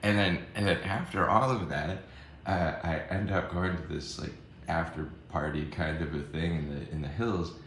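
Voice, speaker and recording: A man's voice: deep voice, moderate pace, very echoey, a little hiss or hum. A man telling a rambling personal story in a casual vlog, acting out the arguments he quotes. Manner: animated, acts out quoted arguments, swears.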